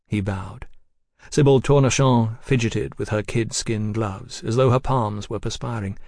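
A man reading a novel aloud as narrator in a measured storytelling style. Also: on the low side, vocal fry, darkish tone, no echo, clean studio sound. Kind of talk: audiobook narration.

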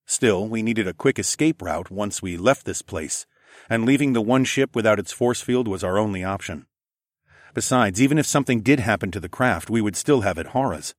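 A man narrating a first-person story in a steady, even storytelling voice. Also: on the low side, normal speed, no room sound, clean studio sound. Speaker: audiobook narrator.

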